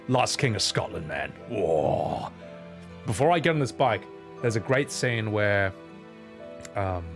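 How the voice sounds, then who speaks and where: A man streaming a game, chatting casually, swearing, and acting out movie scenes in put-on voices. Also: mid-range voice. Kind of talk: casual livestream chat while gaming.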